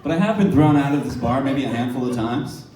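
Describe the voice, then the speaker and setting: A man's voice: medium pitch, expressive, brisk, mellow. A male stand-up comedian telling profane, rambling stories at a bar. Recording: echoey bar from a distance. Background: laughing crowd.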